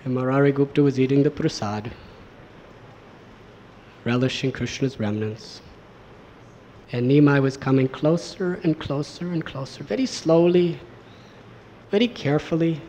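A man telling a devotional story as a sermon, in an animated manner with many repetitions. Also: medium pitch, a little slow, long pauses, a little hiss or hum. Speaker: storyteller, preacher.

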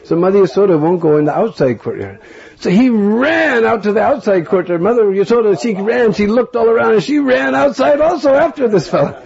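A man giving a sermon as an animated storyteller who often chuckles. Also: sits high, a little fast, gravelly, muffled recording. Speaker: spiritual teacher.

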